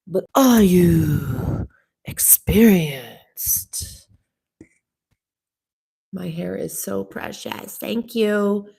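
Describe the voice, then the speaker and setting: A woman's voice: lowish voice, creaky. A woman hosting a casual livestream chat, reading out viewer comments and teasing them in a chatty way. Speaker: livestream host.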